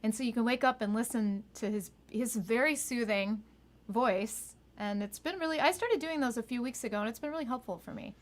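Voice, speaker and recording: A woman's voice: fairly high pitch, a little fast. A woman co-hosting a casual show, chatting eagerly and filling her speech with "like" and "um". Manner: chatty, many "like"s. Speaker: co-host. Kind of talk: casual chat.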